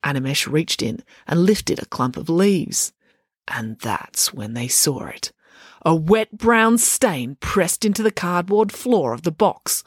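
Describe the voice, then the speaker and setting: A woman narrating a children's audiobook in an expressive storytelling manner. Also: deep voice, takes it slowly, breathy edge, no echo, studio quality. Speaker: narrator, author.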